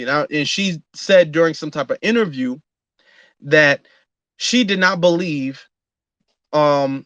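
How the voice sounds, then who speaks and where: A man's voice: on the high side, fairly bright tone, no echo. A man hosting an online audio room, talking in an earnest casual monologue with frequent fillers and restarts. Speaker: host.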